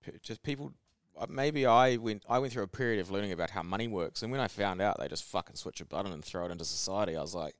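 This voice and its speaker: A man in a casual podcast chat, animated, laughing often and swearing a lot. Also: lowish voice, fast talker, dry recording, clean studio sound. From New Zealand. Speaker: podcast co-host.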